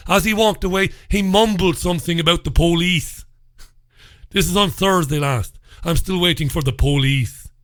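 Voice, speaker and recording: A man's voice: a little high, bright, forceful tone, no room sound, clean studio sound. A man hosting a radio talk show, chatting casually, telling blunt jokey stories and swearing freely. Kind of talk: casual chat show with newspaper review.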